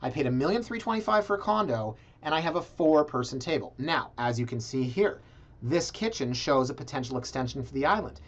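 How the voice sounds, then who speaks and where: A man hosting a casual video, reviewing condo listings in a sarcastic, animated way and talking straight to his viewers. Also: mid-range voice, fairly quick. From Canada. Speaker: realtor and video blog host. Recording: slightly dull, lo-fi sound.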